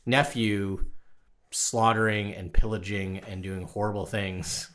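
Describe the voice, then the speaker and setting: A man with a fairly low voice chats about a film on a podcast. He is reflective and easygoing, thinking aloud and tagging his points with a questioning "right?". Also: flat delivery, takes it slowly, fairly bright tone. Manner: reflective, conversational, tags lines with "right?". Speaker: podcast co-host. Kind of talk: casual film discussion.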